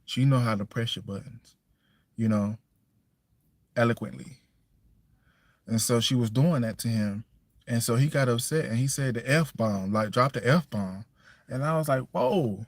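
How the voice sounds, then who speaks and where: A man talks loosely and plainly on a casual livestream, circling back and repeating himself as he goes. His pitch sits in the middle of the male range. He comes across firm and direct about how his household should run. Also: a little slow, pauses often, no echo. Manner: loose, repeats himself, keeps asking "you know what I'm saying". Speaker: single father livestreaming.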